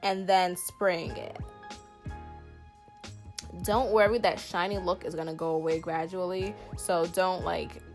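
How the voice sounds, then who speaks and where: A woman's voice: on the low side, fairly even intonation, a little slow, pauses often, over music. A woman in her twenties with a Southern US country accent, chatting through a hair tutorial in a playful, emphatic way with lots of fillers. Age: 20s. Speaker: beauty vlogger. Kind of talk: hair tutorial, casual chat to camera.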